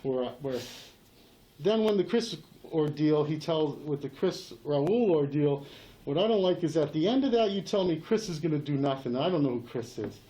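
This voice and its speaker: A man's voice: a little high, expressive, moderate pace, warm tone, poor audio. A man in a heated face-to-face argument, insistent and profane, repeating himself and talking over others. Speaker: channel owner confronting a sheriff.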